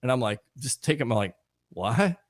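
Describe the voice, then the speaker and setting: A man from Florida hosting a sports podcast, joking in an animated, mock-grumpy way. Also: medium pitch, normal speed, no echo, studio quality. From Tampa Bay area, Florida. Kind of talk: casual sports chat.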